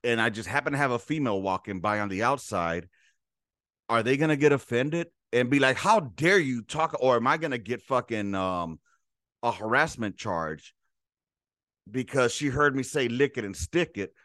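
A man's voice: mid-range voice, animated, moderate pace, fairly bright tone, no echo, studio quality. A man hosting a podcast alone, ranting in a profane, heated and rambling way. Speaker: podcast host. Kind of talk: casual ranting monologue.

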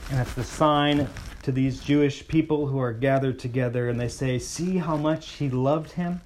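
A pastor preaching a sermon, slowing down and dropping his voice to stress key lines. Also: mid-range voice, a little hiss or hum. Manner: expressive preaching, slows and softens for emphasis.

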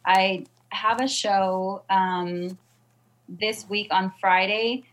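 Poor audio captures a guest comic from Southern California talking very slowly in a mid-range voice with fairly even intonation. She answers questions chattily, putting herself down and using many fillers.

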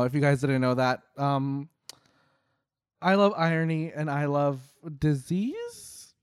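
A young man making casual, sarcastic reaction commentary, swearing and tossing off quick jokey asides. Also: a little high, lively intonation, a little mellow, smooth, no echo, clean studio sound.

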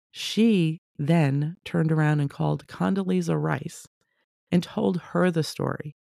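Low, gravelly woman telling a personal story. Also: a little mellow, no room sound, studio quality. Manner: conversational, reenacts dialogue.

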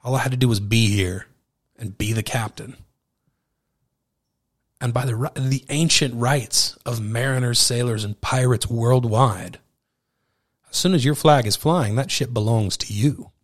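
A man hosting a podcast, telling a personal story in a casual, animated way, with occasional swearing and acted-out dialogue. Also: medium pitch, measured pace, long pauses. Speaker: podcast host.

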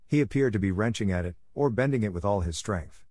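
A low-voiced man reads a first-person detective story in a measured, dramatic manner. He pushes hard on the angry exclamations, and the recording is close and dry. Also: expressive, darkish tone, dry recording. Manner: measured, dramatic storytelling with emphatic quoted outbursts. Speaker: audiobook narrator. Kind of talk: scripted first-person narration.

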